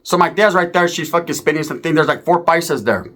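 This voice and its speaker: A man's voice: fairly high pitch, fast. A man telling a profane street story, acting out the other people's voices. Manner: animated, profane, acts out voices.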